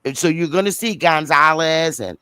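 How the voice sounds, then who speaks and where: Emphatic man debating, clear voice. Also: fairly high pitch, normal speed, bright, forceful tone, dry recording, studio quality. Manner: emphatic, repeats points, stumbles and restarts. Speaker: podcast panelist. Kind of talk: heated casual debate.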